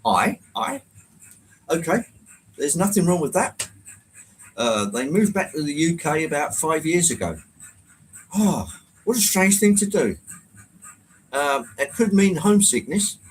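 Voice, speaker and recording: A man's voice: on the high side, very animated, unhurried, pauses often, slight background noise, rough recording. A man hosting a casual live stream, chatting, greeting viewers by name and poking fun at himself. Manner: chatty, reads out viewer comments and greets them by name, self-mocking. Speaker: livestream host.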